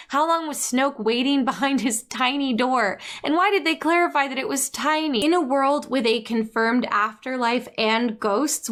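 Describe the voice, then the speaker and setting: A woman giving comedic commentary, reading passages aloud with dry, deadpan humor. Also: fairly high pitch. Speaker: video essayist.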